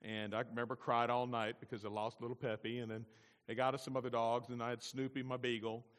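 Emphatic preaching pastor in a reverberant hall. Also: male voice, mid-range voice, little pitch movement. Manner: rises to loud emphatic preaching, slows on key words. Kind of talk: sermon.

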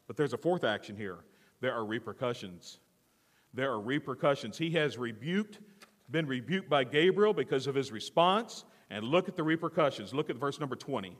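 A male pastor preaching a theatrical, animated sermon, often questioning the congregation. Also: mid-range voice, normal speed, long reverb tail.

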